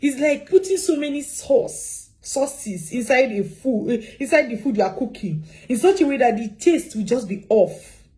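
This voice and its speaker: Animated woman consultant. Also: high voice, moderate pace, rough recording. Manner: animated, repeats points, asks rhetorical questions. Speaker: migration consultant. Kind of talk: advice talk to camera.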